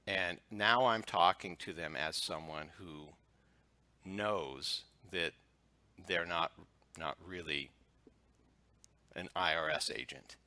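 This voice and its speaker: A very low-pitched man with a bright, forceful edge recounts his stories in an easygoing, chuckling manner. His voice sounds dry and close, with no room around it. He is a hypnotist chatting as the guest of an interview. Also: takes it slowly, pauses often, no echo. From United States. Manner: relaxed anecdotal telling, chuckles often. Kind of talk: casual interview storytelling.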